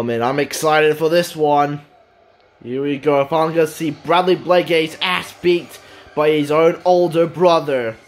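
A man giving casual, excitable play-by-play commentary on a wrestling match, swearing and shouting at big moves. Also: a little high.

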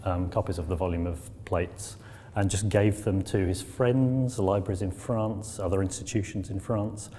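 A middle-aged man, a library manager, explaining things in a quick, chatty way with hesitant ums. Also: low voice, steady tone, warm tone. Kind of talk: casual explanatory chat. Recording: roomy hall with faint background noise.

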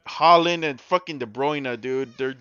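A man commentating his own football video game as he plays, excitable and swearing, yelling at his players and groaning at their mistakes. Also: mid-range voice, measured pace, smooth, dry recording, muffled recording. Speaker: gaming YouTuber. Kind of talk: live gameplay commentary.

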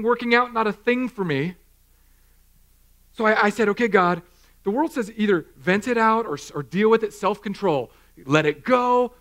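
A man in his thirties preaching a sermon in a church, animated and self-mocking, acting out little scenes. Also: high voice. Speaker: pastor. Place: church hall.

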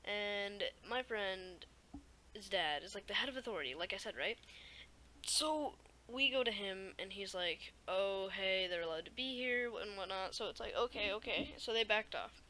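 A teenage girl telling a school story in a rambling vlog, with lots of "like" and "okay?" and animated asides. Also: medium pitch, normal speed, slight background noise, low-quality recording. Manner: rambling, animated, fillers like "like" and "right?". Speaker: YouTuber.

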